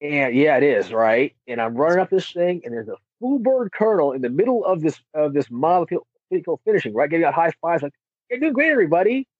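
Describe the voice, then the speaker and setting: Animated male storyteller, fairly high voice, dry and close. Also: fast, hardly any pauses, slightly rough, no echo. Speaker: marathon runner guest. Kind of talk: casual chat. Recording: tinny phone-like line.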